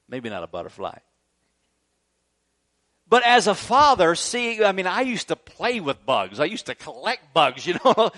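A pastor in his thirties preaching with a high, light male voice. He is earnest, and he swings between loud, urging pushes and soft, tender passages. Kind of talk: sermon. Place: church grounds.

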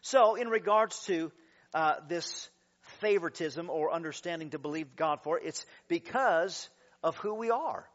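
Male pastor, high-pitched and animated sermon delivery, muffled lo-fi sound. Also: measured pace. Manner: animated, shouts praise and laughs while preaching.

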